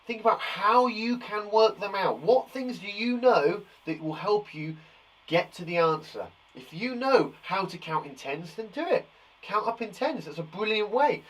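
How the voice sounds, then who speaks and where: A male teacher talks young children through their times tables in a live lesson. His voice is on the higher side, and he keeps reassuring them as he counts along. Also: husky, poor audio. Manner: encouraging, chatty and reassuring. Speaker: primary school teacher.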